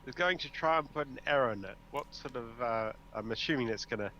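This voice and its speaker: A man's voice: mid-range voice, fast talker, pushed and bright, slight background noise. A man playing in a tabletop game, thinking aloud in a hesitant, casual way. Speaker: player. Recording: dull lo-fi audio.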